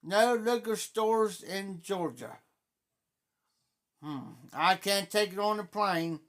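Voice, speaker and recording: Speaking slowly in a high, slightly bright voice, this livestream host is a middle-aged man from Ohio whose southern Ohio Appalachian accent colors his folksy, meandering chat as he welcomes viewers by name.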